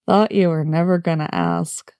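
A woman's voice: sits low, big pitch swings, normal speed, warm tone, no room sound, studio quality. A woman reading the lines of an easygoing, confident young man in a fan story read aloud. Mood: fond.

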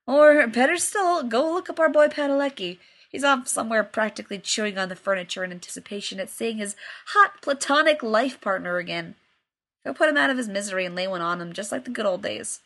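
A woman's voice: fairly high pitch, animated, a little fast. A woman reading aloud and voicing a cocky, crude young man who teases his friend. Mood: teasing. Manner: loud, mocking, swearing freely.

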